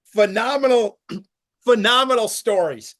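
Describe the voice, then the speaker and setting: A man hosting a podcast interview, asking long questions with enthusiasm and shifting between quick and drawn-out phrases. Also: high-pitched, a bit bright. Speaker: podcast host and wrestling broadcaster.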